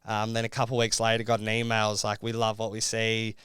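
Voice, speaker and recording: Young aussie bloke yarning on a podcast, super clear voice, loads of "like". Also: male voice, fairly low pitch, completely flat delivery, fast talker, a bit bright, dry recording, studio quality. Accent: Australian. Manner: rambling, filler-heavy storytelling with lots of "like". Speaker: reality show contestant guest. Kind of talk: casual podcast interview.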